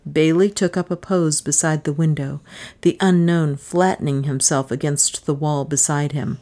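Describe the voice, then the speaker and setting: Female audiobook narrator, low and slow, measured delivery. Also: a little mellow. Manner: measured, unhurried reading that voices the characters' lines. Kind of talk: scripted narration.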